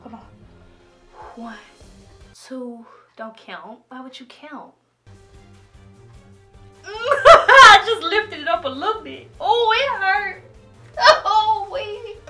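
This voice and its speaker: A woman's voice: on the high side, fairly bright tone. A woman talking casually in a home vlog, dramatic and laughing, often crying out that she is scared. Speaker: vlogger.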